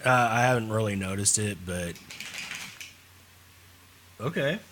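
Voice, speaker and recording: A man's voice: lowish voice, measured pace, a little hiss or hum. A man with a slight Southern drawl co-hosting a podcast, joking and swearing casually. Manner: animated, jokey, profane. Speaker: podcast co-host. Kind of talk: casual chat.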